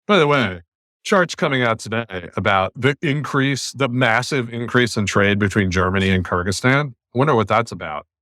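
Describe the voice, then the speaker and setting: A man's voice: mid-range voice, lively intonation, moderate pace, bright, forceful tone, no room sound, studio quality. An American man hosting a podcast, speaking bluntly and emphatically in long runs of argument over a remote call. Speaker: podcast host. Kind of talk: opinionated casual podcast talk.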